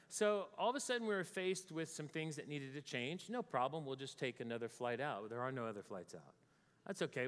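Brief: American man, slightly high voice, lively storyteller to a crowd, long hall echo. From United States. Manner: animated storytelling, acts out his own panic in a higher voice. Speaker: speaker. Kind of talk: storytelling talk to an audience. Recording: long reverb of a large hall.

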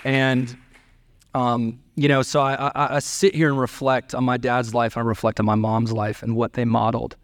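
A middle-aged man preaching a sermon to his church, telling a family story in an earnest way and lifting his pitch to act out the people he quotes. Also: flat delivery, moderate pace, no room sound, studio quality, a faint crowd. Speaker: pastor.

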